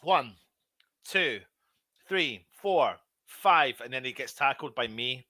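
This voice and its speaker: Male fan host, running live match commentary, excitable and frustrated, tense bright tone. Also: mid-range voice, takes it slowly, no echo. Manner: excitable, shouts at big moments, grumbles at players. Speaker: fan watch-along host. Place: at home.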